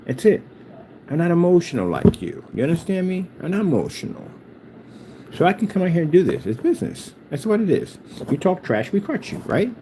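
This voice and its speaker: Very animated and brisk, a man with a high-sitting voice vlogs from his workshop over background noise. He runs a small business and rambles casually while taunting critics, mocking the haters sing-song style.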